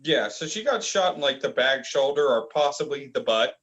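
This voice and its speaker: Man, casual reviewer, rambling recap, fillers, medium pitch. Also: animated, normal speed, a bit bright, muffled recording. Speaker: manga reviewer. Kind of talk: casual chat.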